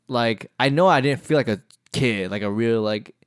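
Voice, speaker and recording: Smooth-voiced young man chatting. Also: mid-range voice, moderate pace, no echo, clean studio sound. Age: young adult. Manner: relaxed, asks questions, filler-heavy. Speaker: podcast co-host. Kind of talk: casual chat.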